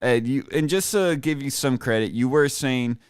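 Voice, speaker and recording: A man's voice: mid-range voice, moderate pace, clear, resonant tone, no echo, studio quality. A man hosting a casual live broadcast, teasing a caller with sarcastic, mock-outraged banter. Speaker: streamer host.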